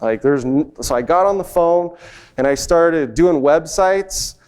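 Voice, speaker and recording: A young man speaking at a conference, telling a personal success story on stage in an animated way and acting out the people he quotes. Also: a little high, a little slow, smooth. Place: event stage before an audience.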